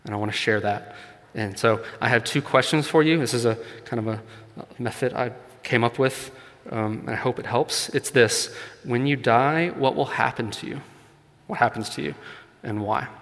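A man's voice: mid-range voice, moderate pace, fairly bright tone. A man preaching a sermon in an earnest, conversational way, building to emphatic points. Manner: earnest, conversational with light laughs, rising emphasis on key points. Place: church hall. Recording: long hall reverb.

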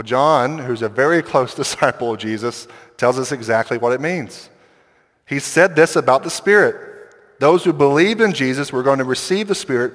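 A man preaching a sermon as pastor, talking in a conversational, animated way with quick asides and acted-out quotes. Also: medium pitch. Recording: long hall reverb.

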